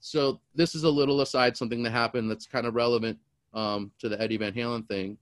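Storyteller, middle-aged man, animated and rambling, dry close sound. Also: medium pitch, quick pace, no room sound. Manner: animated, rambling, repeats words. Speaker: storyteller guest. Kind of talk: casual storytelling.

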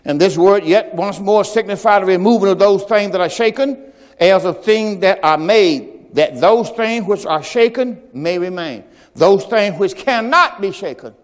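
A high-voiced pastor delivers a sermon at normal speed in a church sanctuary, preaching with call-and-response that builds to shouts. He tells stories with acted-out quotes and sound effects. The service recording carries long hall reverb and faint music.

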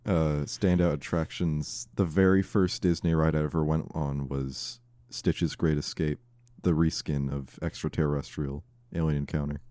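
A man's voice: a bass voice, steady tone, measured pace, mellow, no echo. A young man co-hosting a podcast, laid-back with wry asides. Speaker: podcast co-host. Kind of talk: casual chat.

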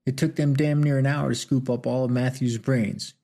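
A man's voice: medium pitch, fairly even intonation, moderate pace, vocal fry, mellow, lightly acted. A man voicing a cocky young Old West outlaw who mocks his friends in a drawling frontier way. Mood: mocking. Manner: drawling, teasing frontier talk.

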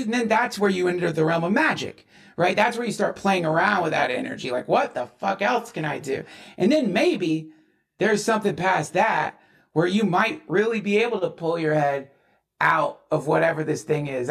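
A man's voice: fairly high pitch, expressive, normal speed, vocal fry, fairly bright tone. A man in casual chat, rambling and profane as he muses aloud.

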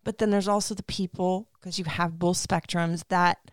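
A woman's voice: on the low side, steady tone, moderate pace, no room sound, clean studio sound. A woman hosting a casual interview, talking in an effusive, heartfelt way. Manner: emotional, effusive reactions. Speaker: podcast host.

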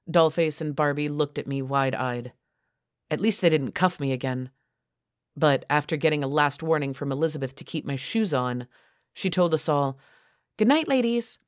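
A woman narrating a first-person erotic story for an audiobook in a steady, even manner. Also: sits low, no echo, studio quality.

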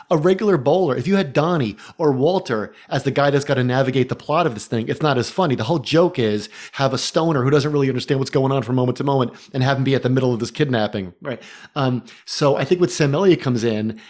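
A man's voice: medium pitch, a little mellow. A man co-hosting a casual film-discussion podcast, talking enthusiastically and laughing often as he goes. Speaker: podcast co-host.

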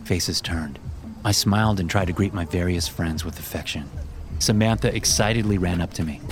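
A man narrating a first-person horror story in a hushed, tense storytelling manner. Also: low voice, normal speed. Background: music.

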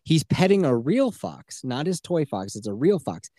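A man co-hosting a casual podcast, recapping a story game in a loose, profane way. His voice sits warm and mellow, recorded close and dry with no room around it. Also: on the high side, very animated, moderate pace, no echo. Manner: loose, swearing, quotes characters in his own voice. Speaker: podcast co-host. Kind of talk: casual chat, retelling a video game story.

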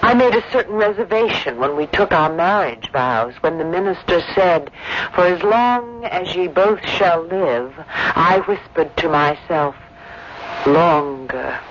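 An actress playing the ghost of a dead wife, calm, affectionate and gently scolding, in old-time radio drama style. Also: female voice, lowish voice, a little slow. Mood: patient. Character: dead wife's ghost, doting and bossy. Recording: hissy lo-fi old radio recording.

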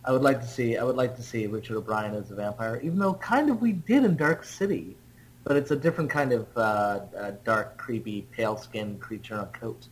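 A man's voice: mid-range voice, a little fast, a little hiss or hum, rough recording. A man in casual conversation about films, often restarting his sentences. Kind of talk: casual film discussion.

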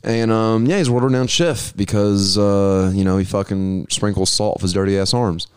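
A man's voice: fairly low pitch, moderate pace, clear, resonant tone, no room sound, studio quality. A man co-hosting a podcast, telling a long rambling story in a profane, casual way. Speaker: podcast co-host. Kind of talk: casual chat.

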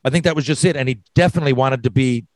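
A middle-aged man, a former hockey player, talking loudly in a casual chat, animated and full of swearing. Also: medium pitch, racing, no room sound. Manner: loud, profane, animated.

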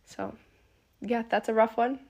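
A young woman co-hosting a podcast in casual chat, speaking softly with a sick, hoarse voice and lots of filler words. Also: on the high side, steady tone, a little slow. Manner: soft-spoken, lots of "like" fillers. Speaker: podcast co-host.

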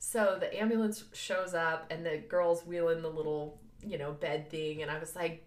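Brief: lively woman podcaster, storytelling with laughs, roomy echo. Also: lowish voice, normal speed, few pauses. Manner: animated, laughing, acts out voices of others. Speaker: podcast co-host. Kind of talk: casual storytelling chat. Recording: echoey room.

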